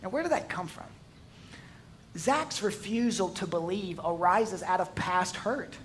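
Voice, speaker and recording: A man's voice: sits high, a little slow, fairly bright tone, a little hiss or hum. A male pastor preaching a sermon, mixing jokes into his storytelling and swelling to emphatic peaks.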